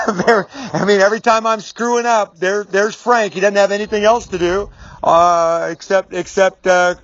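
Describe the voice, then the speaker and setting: Speaking at an ordinary pace in a steady tone, a middle-aged business speaker whose voice runs high for a man tells a personal story on video. His delivery is casual and meandering, full of restarted sentences, light swearing, and emphatic repetition. The audio is lo-fi and dull, though a bit bright.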